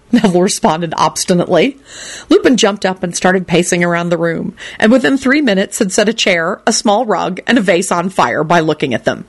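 A woman's voice: lowish voice, a little fast, breathy edge. A woman narrating an audiobook and acting out every character. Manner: expressive, acts out every character.

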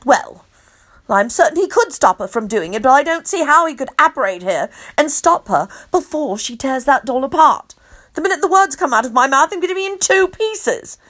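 A woman's voice: high voice, lively intonation, moderate pace, a bit bright. A woman narrating an audiobook in first person, exasperated, sarcastic and sweary.

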